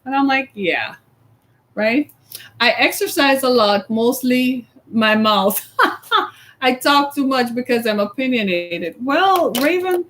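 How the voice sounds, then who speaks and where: A woman's voice: fairly high pitch, fairly bright tone. A woman hosting a casual live chat, chatty and opinionated, laughing often and ending her sentences with "right?". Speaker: host.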